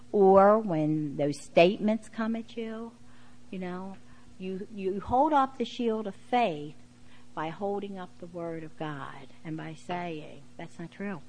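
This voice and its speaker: A woman's voice: medium pitch, lively intonation, takes it slowly, darkish tone, rough recording. A middle-aged woman giving a sermon in an earnest, conversational way, with frequent "you know" asides. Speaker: preacher and preschool teacher.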